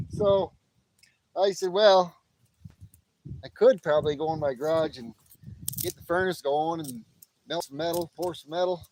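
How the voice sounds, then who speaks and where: The recording is rough, with slight background noise, as a man with a fairly high, slightly mellow voice talks a little slowly, leaving long pauses. Hosting a casual nighttime livestream at his backyard fire pit on a tripod camera, he's cheerful, greets viewers by name and laughs a lot.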